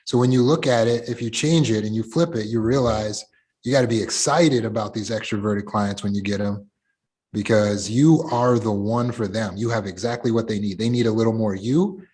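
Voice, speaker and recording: A middle-aged man leading a support group discussion over a video call as a coach, talking through examples in an animated way. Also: on the low side, normal speed, husky.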